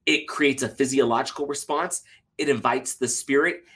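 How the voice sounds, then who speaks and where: A man's voice: mid-range voice, steady tone, normal speed, a bit bright, husky. A man co-hosting a podcast, talking casually and earnestly walking listeners through a step-by-step method. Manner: earnest, explains steps of a method. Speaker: podcast co-host. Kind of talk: casual podcast conversation and explaining.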